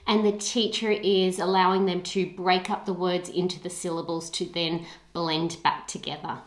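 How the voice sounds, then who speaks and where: A woman with an Australian accent, narrating an instructional video about teaching reading and spelling in a clear, explanatory way. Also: fairly low pitch, little pitch movement, moderate pace, reverberant, slight background noise.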